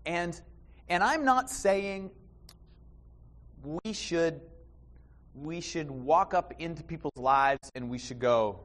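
Animated preaching man with lively pitch. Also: slow. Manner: animated, with repeated restarts and sudden loud emphasis. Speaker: pastor. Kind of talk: sermon. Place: church.

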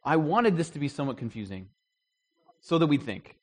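Casual male Bible study leader with a slightly higher voice who quizzes the group and often restarts his sentences. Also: very animated, brisk, a little mellow. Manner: conversational, poses questions to the group, frequent restarts. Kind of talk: interactive Bible study teaching.

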